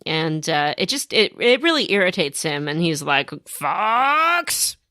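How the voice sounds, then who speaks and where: A woman co-hosting a podcast, retelling her game in casual, animated storytelling. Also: sits low, normal speed, no echo, clean studio sound. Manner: animated storytelling, acts out characters. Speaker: podcast co-host. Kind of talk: casual chat recapping a game.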